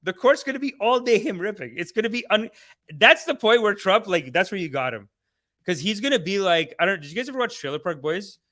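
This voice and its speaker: A man hosting a casual live stream, rambling and swearing excitably, often laughing mid-sentence. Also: sits high, fairly quick. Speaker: host.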